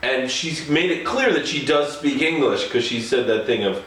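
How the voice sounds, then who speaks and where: A man's voice: a little high, measured pace, hardly any pauses, fairly bright tone, slight background noise. A man telling a casual anecdote in a chatty way, often chuckling as he talks. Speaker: storyteller. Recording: echoey room, faint ambience.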